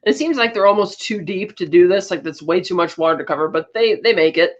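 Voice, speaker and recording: This podcast co-host talks a bit quickly in a low-leaning female voice, and the recording sounds muffled. She chats her way through a film's plot, often stumbling into fillers and starting sentences over.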